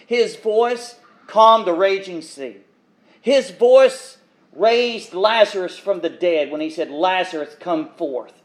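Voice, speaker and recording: Male preacher with a high voice, delivering an impassioned sermon with dramatic swings in volume. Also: animated, slow pace. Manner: impassioned, emphatic, swings between loud and hushed.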